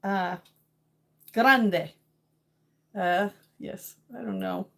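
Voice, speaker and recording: A middle-aged woman from New England hosts a casual livestream chat with viewers, playful and laughing often. Her voice is medium-pitched, with drawn-out words and vocal fry.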